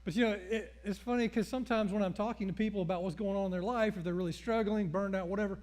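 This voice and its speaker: A middle-aged male pastor preaching a sermon, telling stories with acted-out dialogue in an animated way. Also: high-pitched, fast.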